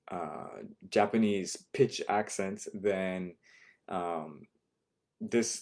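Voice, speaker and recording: A man's voice: lowish voice, a little mellow. A man teaching an online Japanese vocabulary lesson from home, patiently repeating each word for his students. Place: home, not a classroom.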